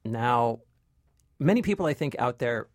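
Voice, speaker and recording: A man co-hosting a casual movie chat as a film critic, playful and quick to laugh. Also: medium pitch, expressive, loud music behind the voice.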